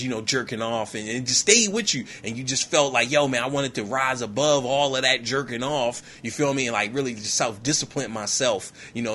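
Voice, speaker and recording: A man recapping a film as a comedy bit, talking in loose street slang and checking in with his listener again and again. His voice sounds bright and forceful, at a middle pitch. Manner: slangy, animated, riffs with "yo, man" and "you feel me".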